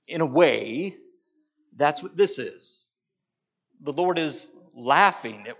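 Pastor guy preaching slow and emphatic, kinda muffled recording. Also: medium pitch, lively intonation, fairly bright tone. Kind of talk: sermon. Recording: dull lo-fi sound.

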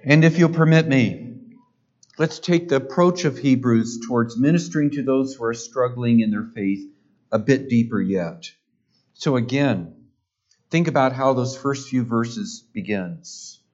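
A man's voice: medium pitch, measured pace, a little mellow. A male pastor preaching a sermon, building up emphatic repeated phrases. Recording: dull lo-fi sound.

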